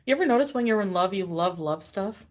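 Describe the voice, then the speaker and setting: A woman's voice: medium pitch, expressive, quick pace. A woman chatting casually on a livestream, tired and giddy, greeting viewers with bubbly squeals. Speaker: livestream host.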